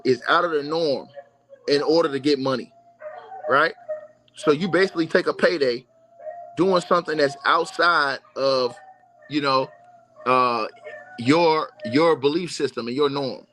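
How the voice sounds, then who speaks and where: A man's voice: a little high, fairly bright tone, slight background noise. A man hosting a livestream, giving a mocking, repetitive sports rant straight to his audience. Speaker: livestream host. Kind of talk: animated sports rant to viewers.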